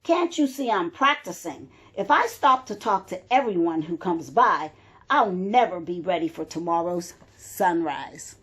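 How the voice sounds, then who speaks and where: Self-important rooster, dismissive, lower and slow, voiced by a woman. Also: lively intonation, a bit bright. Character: vain rooster practicing its crow.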